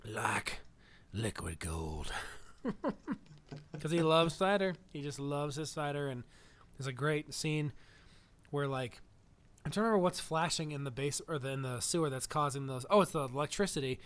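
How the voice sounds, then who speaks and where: Brief: man, slightly high voice, lively storyteller acting out quotes in easy chat. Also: brisk, clean tone. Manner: animated retelling, acts out quotes. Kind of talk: casual chat.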